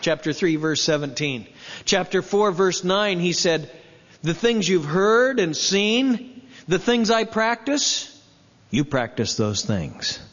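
A pastor preaching a sermon, emphatic, asking rhetorical questions and slowing down to dwell on scripture quotes. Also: male voice, sits high, lively intonation, fairly bright tone. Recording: reverberant, dull lo-fi sound.

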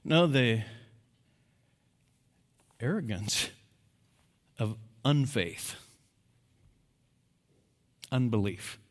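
A man preaching a sermon as pastor, emphatic, moving between quiet, low passages and loud, rising exhortation. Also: animated, very slow, pauses often. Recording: long hall reverb.

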